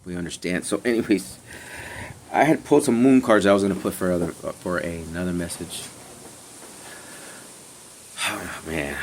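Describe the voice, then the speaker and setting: A man doing a casual spiritual reading vlog, talking in meandering, trailing phrases with frequent sighs, swinging between loud remarks and hushed asides. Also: low-pitched, normal speed, long pauses, slight background noise. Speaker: spiritual reader. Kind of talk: rambling casual tarot vlog.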